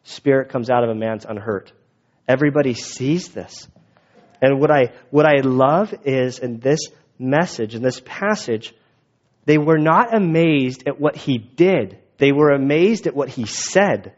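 A man's voice: mid-range voice, lively intonation. A male pastor giving a casual, conversational sermon, in a dull lo-fi recording. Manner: casual, quick, conversational with restarts.

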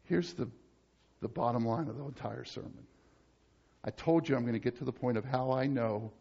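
A male pastor preaching a sermon emphatically, moving between loud urgent passages and low, quiet ones. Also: gravelly, lo-fi sound.

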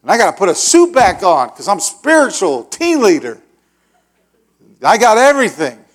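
A middle-aged male pastor telling a long story in a sermon, acting out the voices and shouting the dramatic parts. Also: high voice, moderate pace. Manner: animated, acts out voices with loud shouts.

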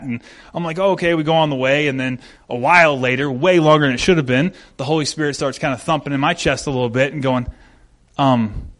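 Man, pastor, sermon, fairly high voice, self-deprecating, gets loud and high when quoting. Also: fast talker. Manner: candid, self-deprecating storytelling; rises loud and high when acting out quotes.

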